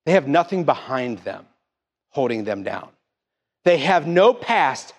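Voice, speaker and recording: A man's voice: a little high, big pitch swings, unhurried, in a large hall. A middle-aged man preaching a sermon in a church, emphatic and full of questions to the congregation. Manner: emphatic call-and-response preaching, rising and falling. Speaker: pastor. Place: church sanctuary.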